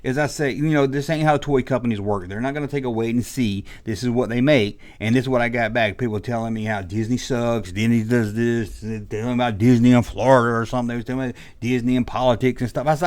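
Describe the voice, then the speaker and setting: A man's voice: mid-range voice, steady tone, fast, hardly any pauses, darkish tone. A man ranting in a rambling, exasperated monologue about the toy business, slipping into mock quotes. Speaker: toy collector YouTuber. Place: indoors, audio only.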